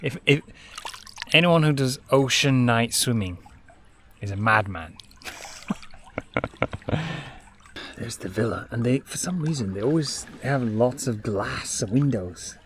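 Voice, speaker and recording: A man telling a travel vlog story in a jokey, animated way, now and then dropping to a hush, outside a villa at night. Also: medium pitch, takes it slowly, long pauses, a little hiss or hum. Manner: animated, jokey, drops to hushed tones. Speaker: travel vlogger. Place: villa pool area at night.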